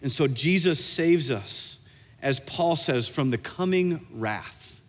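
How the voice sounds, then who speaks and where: A man preaching a sermon, telling a personal story in an animated way and slowing down for emphasis. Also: a little high. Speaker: pastor. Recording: reverberant hall.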